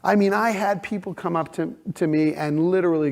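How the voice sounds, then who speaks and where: A man's voice: high-pitched, a little fast, gravelly. A man, an actor, telling laughing stories to his castmates in casual conversation. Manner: laughing, lively storytelling with acted quotes.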